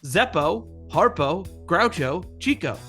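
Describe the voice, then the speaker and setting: A man's voice: high-pitched, lively intonation, slow, a bit bright, faint music behind. A man co-hosting a podcast in casual chat, playful and cracking goofy jokes. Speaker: podcast co-host.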